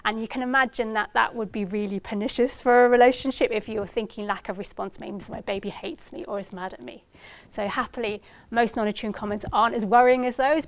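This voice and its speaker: Lecturing practitioners on her research, a woman with a gravelly mid-range voice explains with examples and voices parents' words in a raised tone. Slight background noise is present.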